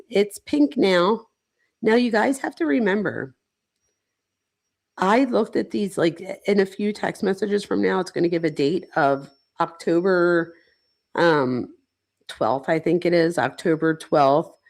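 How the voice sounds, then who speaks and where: A woman's voice: fairly low pitch, unhurried, creaky, a little mellow. A woman psychologist hosting a casual true-crime livestream, talking loosely with frequent "like"s and self-corrections. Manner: chatty and loose, with many "like"s and self-interruptions.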